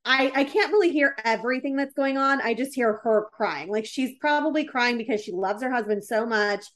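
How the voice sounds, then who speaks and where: A woman chatting casually, telling a story in an animated way with lots of filler words. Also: a little high, moderate pace. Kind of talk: casual chat.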